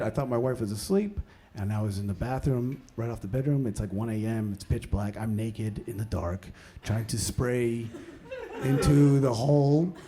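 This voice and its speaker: A man in his thirties doing stand-up comedy, swinging between mumbled asides and loud outbursts. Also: medium pitch. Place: comedy stage before a live audience. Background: audience laughter.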